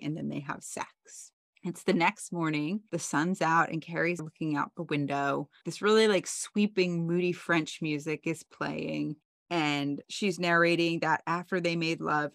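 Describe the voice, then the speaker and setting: A woman co-hosting a podcast, casually recapping a TV episode with animated storytelling and playful quoted voices. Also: sits low, unhurried, creaky, dry recording, studio quality. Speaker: podcast co-host.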